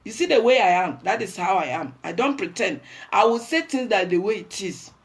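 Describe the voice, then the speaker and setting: A woman's voice: medium pitch, expressive, brisk. Woman, Ghanaian accent, livestream host, scolding, preachy rant.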